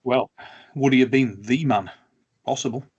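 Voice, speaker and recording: Halting man chatting casually. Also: medium pitch, a little mellow, husky, muffled recording. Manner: halting, restarts phrases. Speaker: co-host. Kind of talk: casual chat.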